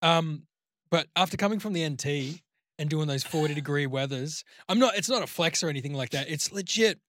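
An Australian man co-hosting a podcast in lively casual chat, swearing freely and breaking into put-on voices. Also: fairly high pitch, fairly quick, dry recording, clean studio sound. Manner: animated, swearing, puts on voices. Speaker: podcast co-host.

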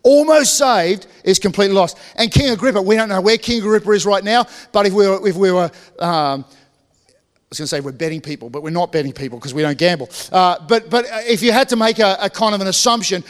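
A man's voice: high-pitched, expressive, fairly quick, long reverb tail. A man preaching a sermon in a church, talking conversationally, joking with the congregation, and often restarting his sentences. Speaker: pastor.

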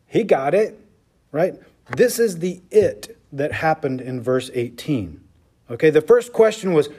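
A man's voice: a little high, darkish tone. A man, a pastor, preaching a sermon with emphatic delivery, often checking in with the congregation with "okay?" and "right?".

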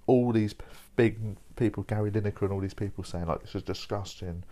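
A man's voice: fairly low pitch, fairly even intonation, brisk, mellow. A young man rambling casually over coffee, informal and sweary, dropping "mate" and "like" as he talks. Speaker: podcast host.

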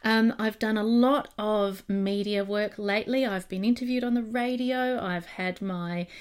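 A woman's voice: medium pitch, fairly even intonation, a little slow, smooth. A woman with an Australian accent, a psychologist hosting her podcast in an upbeat, chatty monologue with frequent ums, a little nervous. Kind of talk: casual monologue, podcast intro. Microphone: streamed live while recording audio.

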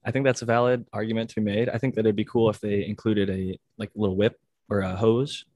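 A man's voice: on the low side, little pitch movement, quick pace, darkish tone, no room sound. A man hosting a casual group chat on a video call, talking in a laid-back, rambling way. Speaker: host.

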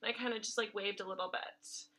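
A woman's voice: medium pitch, fairly even intonation, fast, pushed and bright. A young woman co-hosting a podcast, telling a rambling casual story full of "like" fillers. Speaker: podcast co-host.

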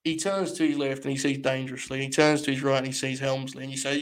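A man's voice: medium pitch, steady tone, fast, hardly any pauses. A young man hosting a live watch-along stream, talking in a mock-grandiose, rambling way full of swearing.

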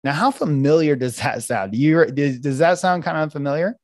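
A man's voice: on the high side, a little fast, a little hiss or hum. A middle-aged man, a parenting coach, explaining techniques in an interview and acting out parents and children. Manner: animated, acts out parents and kids in quoted voices.

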